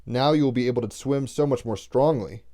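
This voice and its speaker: A man voicing a kind, comforting male creator spirit in a spoken fable, speaking in a gentle, reassuring way. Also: medium pitch, brisk, lightly acted.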